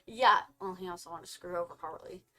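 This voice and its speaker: A young woman co-hosting a casual film review, retelling the plot with animated storytelling and quick acted-out quotes of the characters. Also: lowish voice.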